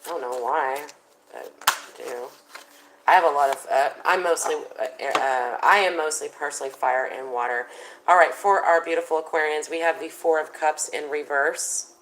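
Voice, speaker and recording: A woman with a low voice reads tarot cards in a loose, conversational way. She thinks aloud, fills pauses with ums and likes, and talks straight to her viewers. A faint hiss of noise sits under the recording. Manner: chatty, thinking aloud with many fillers. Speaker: tarot reader. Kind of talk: casual tarot reading.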